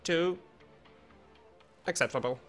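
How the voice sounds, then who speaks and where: A man's voice: a little high, takes it slowly, soft background music, pitched above the performer's own voice. A man playing a stiff robotic lab machine. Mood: clipped, formal. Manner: clipped, formal monotone announcements.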